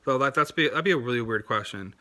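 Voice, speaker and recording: Bright-voiced man explaining casually. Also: medium pitch, expressive, fast. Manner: chatty, many fillers and restarts, demonstrates words aloud. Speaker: language learning video host.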